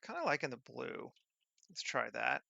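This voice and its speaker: A man's voice: medium pitch, big pitch swings, moderate pace, creaky, bright, forceful tone, no room sound, muffled recording. A man working on a 3D scene who thinks aloud, muttering half-finished commands to himself.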